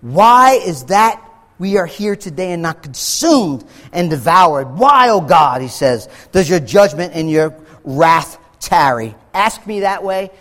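A man preaching a sermon as pastor, slowing down for heavy emphasis and acting out quoted voices. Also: high-pitched, very animated, a bit bright, long reverb tail. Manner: preaching with dramatic slow emphasis and acted quotes.

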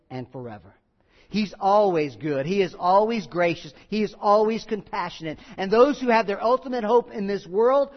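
Guy preaching a sermon, kinda high voice, earnest w/ little jokes, dull lo-fi audio. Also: long reverb tail. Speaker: pastor.

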